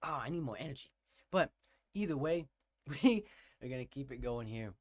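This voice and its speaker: A young man hosting a music reaction, talking casually and excitedly, gushing and repeating his exclamations. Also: mid-range voice, moderate pace, no room sound, studio quality. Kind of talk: casual album reaction commentary.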